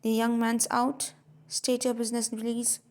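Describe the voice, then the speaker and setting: A woman's voice: on the high side, monotone, a little slow, darkish tone, close to an everyday voice. A woman reading the part of a fussy sixty-year-old male clerk who gets flustered. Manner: fussy, flustered, murmuring figures.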